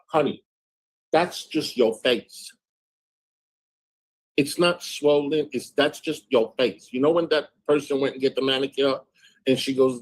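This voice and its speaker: Male streamer, middle pitch, sarcastic; reads texts aloud in a chatty commentary style. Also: measured pace, pauses often, rough recording. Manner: sarcastic, snarky asides. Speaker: livestream host. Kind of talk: casual commentary, reading out text messages.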